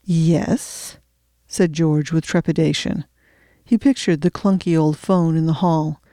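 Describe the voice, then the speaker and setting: A woman narrating an audiobook in a steady, measured storytelling voice. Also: low voice, no room sound, clean studio sound.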